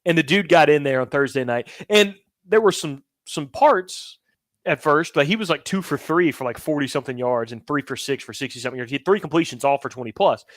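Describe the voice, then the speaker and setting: Man, sports co-host, wry play-by-play recapper; slightly higher pitch, dry recording. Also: animated, brisk, no echo. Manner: conversational, recaps games in detail, wry asides. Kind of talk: casual sports chat.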